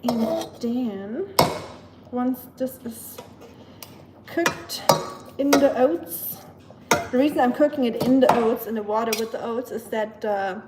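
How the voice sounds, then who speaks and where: Woman, chatty live-stream host, slightly high voice, cooking at home, pots and dishes clattering behind. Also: slow pace, pauses often. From learned British English. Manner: chatty, talks to her dog and reads comments. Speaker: livestream host. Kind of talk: casual live-stream chat while cooking. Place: home kitchen. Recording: clear kitchen background noise. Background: kitchen clatter of dishes and pots.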